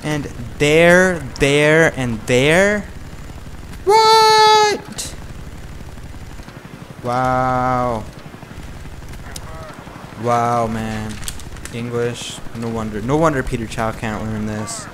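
A man's voice: medium pitch, slow, background noise. A man ranting in a rambling, indignant way over gameplay footage, peppering his talk with "like". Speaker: gaming channel host.

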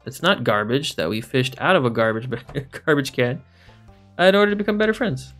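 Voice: mid-range voice, expressive, a little fast, fairly bright tone, soft background music. A game streamer making casual, jokey, rambling commentary while playing. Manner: jokey, rambling, laughs often.

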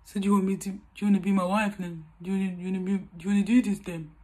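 A woman's voice: medium pitch, flat delivery, very fast, dark tone, a little hiss or hum, pitched below the performer's own voice, natural voice. A woman imitating a hesitant young man who stammers as he asks a girl to be together. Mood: fumbling. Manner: stammering, repeats himself.

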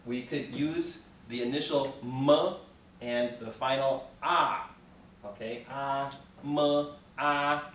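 Male teacher, encouraging, patient, roomy echo, distant camera mic, faint room noise. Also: mid-range voice. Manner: patient, encouraging, frequent "okay" checks. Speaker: Mandarin teacher. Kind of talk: classroom language lesson, call and response. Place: classroom with students. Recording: echoey room, recorded from far off.

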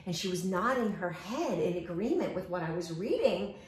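A woman hosting a casual chat while out walking, telling stories in an animated way and acting out the voices of the people in them. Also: on the low side, normal speed, echoey room. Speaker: host. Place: outdoors walking.

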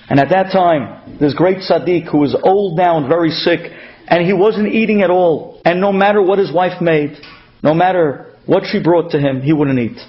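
A man telling an inspirational story as a speaker, animated, acting out voices in the quotes. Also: on the high side, dull audio. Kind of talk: storytelling talk.

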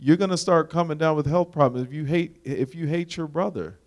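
A man's voice: fairly high pitch, brisk, a little mellow. A man speaking earnestly and conversationally in a Bible study discussion, with frequent "you know"s.

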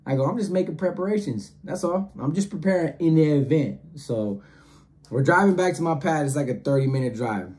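A man telling a casual story in slangy, animated talk, acting out the other voices. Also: on the high side, brisk. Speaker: storyteller host.

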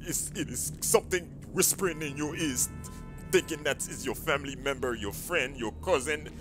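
A man's voice: a little high, normal speed, over music, natural voice. A man voicing a nervous cop who pleads and rambles about dangers outside. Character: jittery blindfolded cop seeking shelter.

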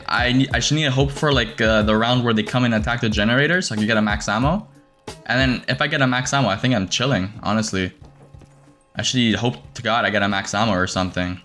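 A young man giving casual commentary over his game, excitable and swearing, breaking into shrieks when he finds something. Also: mid-range voice, fast, faint music behind. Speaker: gaming streamer.

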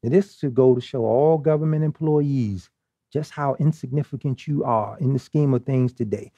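A man's voice: medium pitch, normal speed, warm tone, no echo. Emphatic, conversational male preacher. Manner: emphatic, conversational, rhetorical questions. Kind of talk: sermon.

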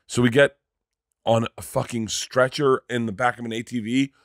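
A man in his thirties, a comedian guest on a podcast, telling a story in a casual, animated way, full of restarts and swearing. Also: medium pitch, normal speed, no room sound, clean studio sound.

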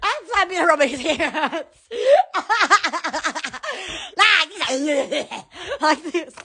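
A woman's voice: sits high, very animated, extremely slow, pushed and bright. A woman chatting casually on a live stream from her phone, giggling, squealing and rambling. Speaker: shop owner streaming live.

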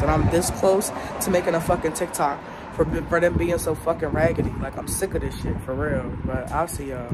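A young woman, a college student, vlogging on her phone with a blunt, profane, exasperated rant. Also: low-pitched. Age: young adult. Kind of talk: casual vlog rant. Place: around campus, partly outdoors. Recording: noisy with passing traffic.

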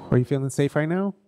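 A man leads a live group session, talking animatedly and bluntly. His voice sits a touch high, with a mellow, warm timbre. The sound carries long hall reverb from the event space. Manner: animated, blunt storytelling with swearing.

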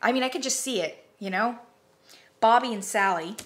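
A woman's voice: on the high side, moderate pace. Chatty woman reviewing candles. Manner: chatty, animated, swearing, drops into whispers and mock voices. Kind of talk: casual chat to camera.

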